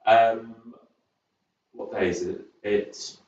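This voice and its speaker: A man's voice: mid-range voice, normal speed, a little hiss or hum. A man leading an online chair-based exercise class, talking in a loose, chatty, encouraging way. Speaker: fitness instructor. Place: community sports centre hall. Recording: echoey hall, dull distant camera audio.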